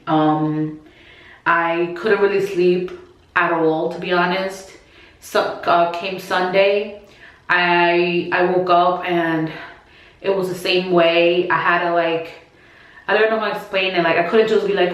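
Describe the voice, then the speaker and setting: A woman's voice: on the low side, flat delivery, slow pace, long pauses. A woman vlogger telling a personal story to her followers in a casual, chatty way, full of "like" and quoted asides. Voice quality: chatty, filler-heavy, many restarts and acted quotes. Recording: very echoey room.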